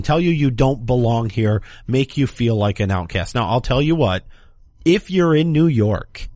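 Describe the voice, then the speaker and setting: A man's voice: mid-range voice, a little mellow, no room sound, studio quality. A man hosting a political commentary show, talking sarcastically and mocking his opponents. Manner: sarcastic, mocks opponents in put-on quotes. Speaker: talk show host.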